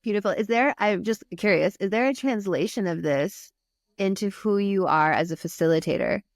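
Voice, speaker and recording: A woman hosting an interview, soft, affirming and curious toward her guest. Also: mid-range voice, normal speed, no echo, clean studio sound. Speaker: podcast host. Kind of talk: interview conversation.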